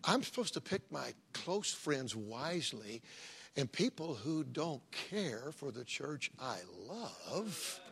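A man's voice: on the high side, very animated, takes it slowly, vocal fry, a bit bright. A middle-aged man preaching a sermon as pastor, in a folksy, conversational way with joking asides.

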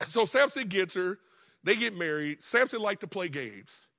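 A male pastor preaching in a casual, storytelling way, with a voice pitched a bit above the usual for a man. He bounces between loud and hushed and laughs his way through the story. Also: moderate pace, gravelly. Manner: lively storytelling, laughing often, acting out the characters. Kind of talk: sermon.

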